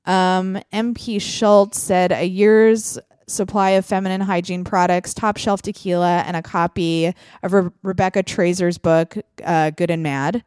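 A woman's voice: fairly low pitch, little pitch movement, unhurried, hardly any pauses, darkish tone, clear, resonant tone, no echo, studio quality. A woman hosting a podcast in casual chat, talking freely with frequent laughs and fillers. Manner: chatty, laughs often, lots of fillers. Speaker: podcast host.

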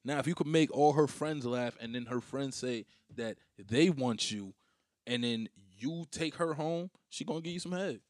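A man's voice: medium pitch, moderate pace, darkish tone, dry recording, studio quality. A young man, a comedian, chatting crudely and jokingly on a podcast, drawling his points. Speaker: comedian guest. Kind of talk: casual podcast chat.

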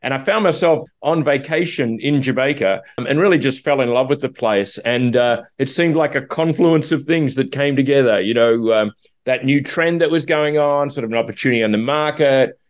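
A man's voice: mid-range voice, normal speed. A middle-aged man with an Australian accent, answering interview questions in a hesitant way with many fillers. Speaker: guest, hospitality business owner.

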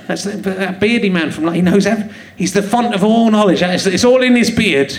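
A comedian hosts a live comedy podcast from a theatre stage, joking, teasing the audience and laughing a lot. His voice is high-pitched and brisk with vocal fry, heard in an echoey theatre full of crowd laughter.

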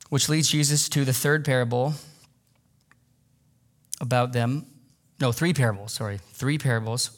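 A man pastor preaching a sermon, animated, acting out quoted voices and repeating for emphasis. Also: mid-range voice, normal speed, pauses often.

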